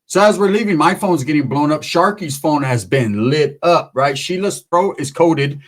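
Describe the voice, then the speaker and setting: A man's voice: a little high, lively intonation, moderate pace. A man telling a long, profane, rambling story in casual talk, acting out the other people in it.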